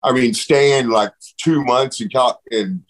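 A man's voice: mid-range voice, slow, low-quality recording. A man in the middle of his range spins a story in a loose, casual interview. He swears freely and jumps into other people's voices as he goes. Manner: animated, swears freely, acts out quotes. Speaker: guest.

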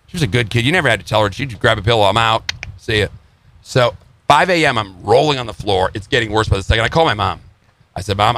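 A man's voice: mid-range voice, sharp tone. A middle-aged man hosting a casual chat, brash and joking, teasing his co-host.

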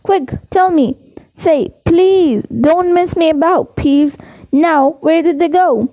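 A woman's voice: very high voice, slow pace, exaggerated voice. A woman doing a grumpy old caretaker. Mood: demanding. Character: grumpy older male caretaker, demanding. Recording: muffled home recording.

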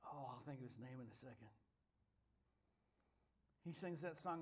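A middle-aged male pastor preaching a sermon, chatting through stories and building to loud, exuberant praise. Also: medium pitch, lively intonation, normal speed, breathy edge.

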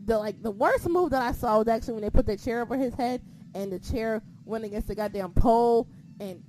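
Excitable, foul-mouthed woman chatting. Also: fairly high pitch, a little fast, slight background noise. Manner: excitable, swears a lot, loses her train of thought. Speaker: podcast co-host. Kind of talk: casual chat recap.

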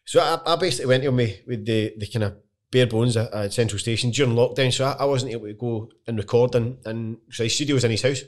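A Scottish man chatting casually as a guest songwriter, stumbling over his words and restarting often, with plenty of swearing. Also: mid-range voice. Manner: halting, many restarts, swears freely. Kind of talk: casual chat.

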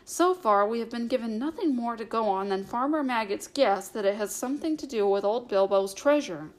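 A woman reading the lines of a lively, cheeky young male hobbit in an audiobook, eager and teasing. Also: a little high, a little fast, close to an everyday voice.

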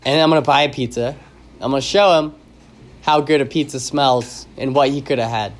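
A man's voice: medium pitch, fairly quick. A man hosting his own podcast in a casual, rambling, joking chat, full of fillers and restarts. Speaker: podcast host.

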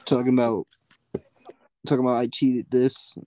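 A young man chatting on a podcast, animated, laughing often and acting out the people in his stories. His voice is mellow and warm, and the sound is dry and close. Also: medium pitch, moderate pace, long pauses, no room sound. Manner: animated storyteller, acts out voices, laughs often, swears freely. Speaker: podcast guest. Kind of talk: casual chat. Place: in a car.

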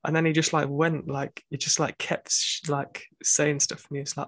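A man's voice: a little high, completely flat delivery, brisk, vocal fry, hardly any pauses, a bit bright, no room sound. A young man, a university student, telling a rambling story in casual chat, full of fillers and restarts.

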